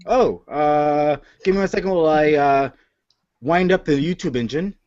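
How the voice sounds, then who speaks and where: A man on a casual panel chat, joking in a playful, expressive way. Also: on the high side, moderate pace, a little hiss or hum. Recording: dull lo-fi online call audio.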